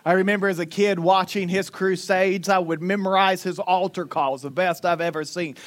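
A man's voice: high-pitched, fairly even intonation, normal speed. Man, thick Southern US accent, pastor, folksy sermon storytelling, self-mocking. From Florida Panhandle, US.

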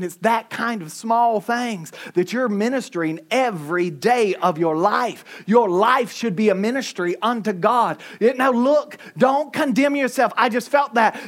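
A man's voice: very high voice, a bit bright. A middle-aged man, a pastor preaching a sermon into a microphone, emphatic and repetitive with joking asides.

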